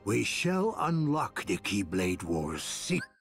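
An actor voicing a scheming old male villain in a video game, deep and grandly measured in delivery. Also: big pitch swings, gravelly, loud music behind the voice, full character voice. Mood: solemn. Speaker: game character.

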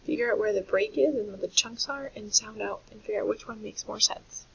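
Gravelly patient teacher woman. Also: mid-range voice, fairly quick. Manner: patient, clear explaining teacher voice. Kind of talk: recorded phonics lesson for children. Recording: dull lo-fi audio with faint hiss.

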